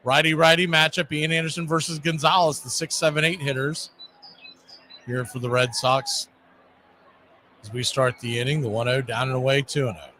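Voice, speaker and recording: A man calling live baseball play-by-play in a relaxed, conversational way, with chatty asides between pitches. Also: moderate pace, a little hiss or hum. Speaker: play-by-play announcer.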